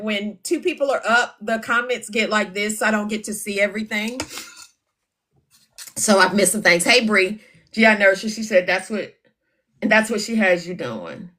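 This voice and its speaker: Middle-aged woman livestream host, chatty, mid pitch, reading comments. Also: sharp tone. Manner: chatty, laughing often, reading comments aloud. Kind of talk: casual livestream chat.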